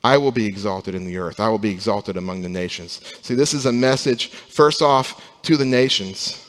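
A young adult man, a pastor, preaching a sermon, rising from quiet, slow passages to loud emphasis. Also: on the low side, long reverb tail.

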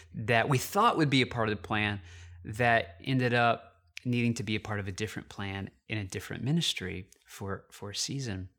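A man's voice: mid-range voice, sharp tone. A man, a pastor, telling a personal story in a sermon, with many restarts and a confessional tone.

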